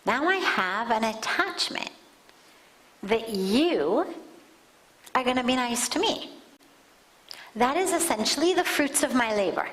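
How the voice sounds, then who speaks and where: A woman spiritual teacher giving a deliberate discourse in a satsang hall, often dropping to soft near-whispers. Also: on the high side, animated. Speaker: spiritual teacher answering questions.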